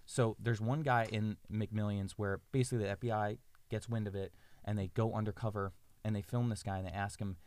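A man co-hosting a podcast, telling a story in an animated way with quick asides. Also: fairly low pitch. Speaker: podcast co-host. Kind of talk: casual chat.

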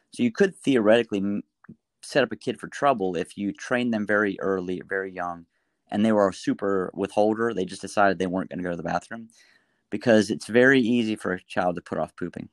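Low-voiced man telling a story. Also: no room sound. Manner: animated storytelling, many restarts. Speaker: pediatric doctor guest. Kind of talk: casual interview talk.

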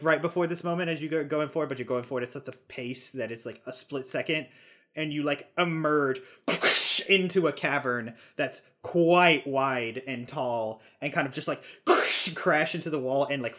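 A man's voice: medium pitch, a bit bright. A man narrating a tabletop game as game master, in a casual, rambling way with frequent fillers and chuckles.

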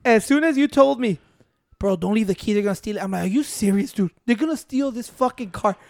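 A man's voice: high voice, a little fast, gravelly, a little mellow, no echo, clean studio sound. Profane, laughing code-switching man. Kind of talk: casual chat.

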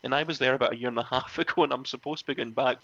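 A man, a former wrestling referee, telling animated stories in a casual interview, often laughing and acting out other people's lines. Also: mid-range voice, racing, no echo, muffled recording. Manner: animated, laughs often, acts out quoted voices.

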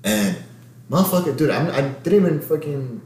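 A man's voice: on the high side, brisk. A young man casually telling a long story in heavy slang with lots of swearing, as a podcast host. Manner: slangy, profane, animated storytelling. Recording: echoey room.

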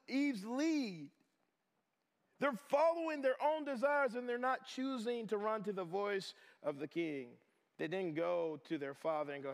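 A middle-aged man preaching a sermon as pastor, animated and swinging between loud and hushed. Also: very high-pitched. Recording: reverberant chapel hall.

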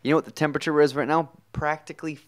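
A man's voice: a little high, level tone, racing. A young man, co-hosting a casual podcast chat and joking through exaggerated complaints with mild swearing. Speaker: podcast co-host. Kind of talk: casual chat between roommates.

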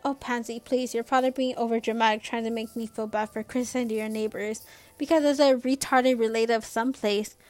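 A young woman reading aloud as a blunt, scornful middle-aged father who talks loudly. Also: on the high side, fairly even intonation, a little fast, lightly acted. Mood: sneering.

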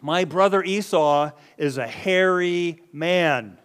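A man's voice: fairly high pitch, slow pace, fairly bright tone, smooth, voice pushed up. A man voicing a worried young man who fears his father will find him out, speaking in a pleading way. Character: anxious young man Jacob fearing discovery.

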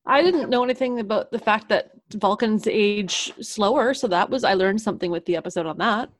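A woman's voice: mid-range voice, fairly quick, no room sound. Easygoing woman guest, dry sound. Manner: relaxed, easygoing, brief agreements. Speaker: podcast guest. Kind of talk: casual chat.

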